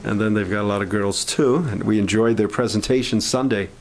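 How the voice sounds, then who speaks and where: A man leading a camp prayer meeting, speaking in an informal, halting sermon style with restarts and growing fervor. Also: on the low side, steady tone, rough recording.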